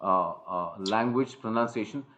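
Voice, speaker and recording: A man's voice: fairly low pitch, moderate pace, crowd noise, rough recording. A man with an Indian accent coaching a trainee one-on-one, lecturing with many fillers and restarts. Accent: Indian English. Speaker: soft skills trainer.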